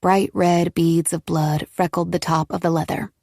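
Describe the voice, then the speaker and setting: A woman narrating a thriller audiobook in a steady, even storytelling manner. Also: on the low side, normal speed, vocal fry, no room sound, studio quality. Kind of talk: scripted narration.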